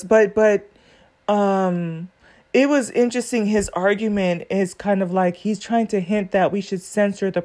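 Woman reacting to a court clip, earnest, rambling, mid-pitched. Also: dark tone. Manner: earnest, rambling, thinks aloud with many fillers. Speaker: commentator reacting to a court video. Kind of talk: casual commentary.

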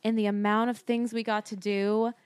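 A woman's voice: medium pitch, flat delivery, normal speed, clear, resonant tone, no echo. A young woman co-hosting a podcast in casual chat, telling her story candidly and filling it with lots of "like". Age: young adult. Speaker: podcast co-host.

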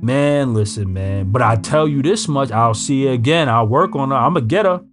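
A man's voice: medium pitch, lively intonation, moderate pace. Blunt man in recovery, slang-heavy. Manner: blunt, street slang, emphatic. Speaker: recovery speaker. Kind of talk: casual motivational talk. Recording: music in background. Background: guitar music.

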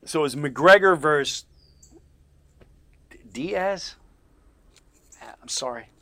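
A man talks casually on his own podcast, rambling from one story to the next. He laughs hard and acts out the people in his stories. His voice sits slightly high for a man and jumps between loud bursts and low asides. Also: sing-song, slow pace, pauses often. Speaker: podcast host.

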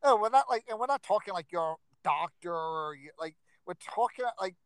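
A man's voice: sits high, expressive, normal speed, smooth, no echo, rough recording. A man co-hosting a podcast in casual chat, talking bluntly with lots of fillers. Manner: rambling, filler-heavy, blunt. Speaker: podcast co-host.

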